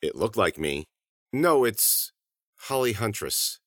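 A man's voice: lowish voice, sing-song, slow pace, a bit bright, no room sound, studio quality, heavily acted. A man voicing an awkward, flustered teenage boy who stammers when caught out.

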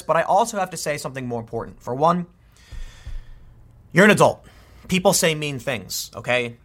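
A man's voice: a little high, expressive, brisk, fairly bright tone. A man giving an opinionated commentary monologue, emphatic and often restarting his sentences. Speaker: political commentator.

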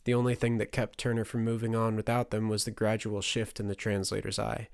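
Male audiobook narrator, measured narration, gravelly texture, dry close mic. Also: fairly low pitch, completely flat delivery, no room sound. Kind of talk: scripted narration.

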